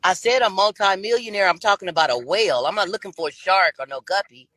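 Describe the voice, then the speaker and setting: A brash, self-assured woman in her fifties appears as a guest on a dating talk show, answering interview questions with a drawl and repeating her points. She talks fast in a medium-pitched, somewhat bright voice, and the recording quality is low.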